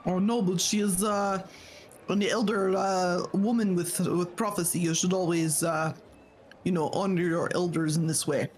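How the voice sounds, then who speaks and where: High-voiced man playing a tabletop game. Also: steady tone, normal speed, slight background noise. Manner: polite, hesitant in-character speech. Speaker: player.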